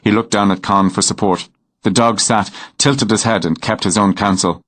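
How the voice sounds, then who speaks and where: A man narrating a romance novel in a measured, unhurried storytelling manner. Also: on the low side, steady tone, a bit bright, dry recording. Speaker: audiobook narrator.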